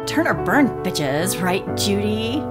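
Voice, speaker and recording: A woman's voice: mid-range voice, sing-song, slow pace. A woman doing a giddy, brash young neighbor. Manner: giddy and blunt, slangy. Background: guitar music.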